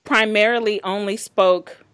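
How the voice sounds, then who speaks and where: A woman co-hosting a podcast, reviewing a movie in casual chat with halting, filler-heavy speech. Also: medium pitch, fairly even intonation, a bit bright, no echo, studio quality. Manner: hesitant, halting, many fillers. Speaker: podcast co-host.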